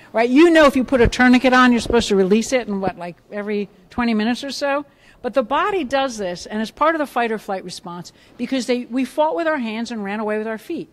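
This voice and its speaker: This middle-aged biofeedback clinician runs an energetic, hands-on workshop before a live crowd in a conference room. Pitched a little high, she quizzes her listeners and dramatizes reactions with animated flair.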